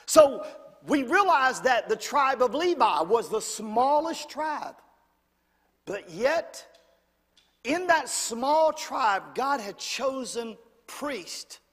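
A man's voice: very high voice, very animated, takes it slowly, a bit bright. A man preaching a sermon in a church, calling on the congregation to say amen. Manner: call-and-response, demanding amens. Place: church sanctuary. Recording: long church reverb.

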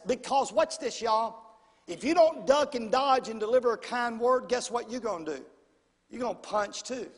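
A middle-aged man preaching a sermon in a folksy, animated way, calling out to the congregation. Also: very high voice. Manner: folksy, animated preaching with audience call-outs. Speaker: pastor. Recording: long hall reverb, husky voice.

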